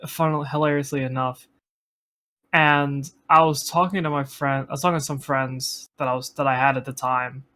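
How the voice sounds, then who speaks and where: A man's voice: mid-range voice, bright, forceful tone. A young man co-hosting a podcast, telling rambling stories in casual chat, swearing freely and laughing often. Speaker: podcast co-host.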